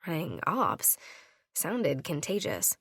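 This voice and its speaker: Woman narrating with a lively, swinging voice. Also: takes it slowly, husky, no echo, clean studio sound. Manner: voices each character with lively shifts in pitch. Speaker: audiobook narrator. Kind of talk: first-person audiobook narration.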